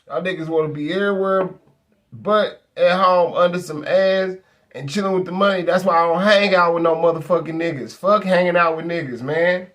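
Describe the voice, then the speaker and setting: A male show host ranting in a casual, profane style, blunt and rambling with heavy slang, and saying he is high. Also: steady tone, fairly quick, a bit bright.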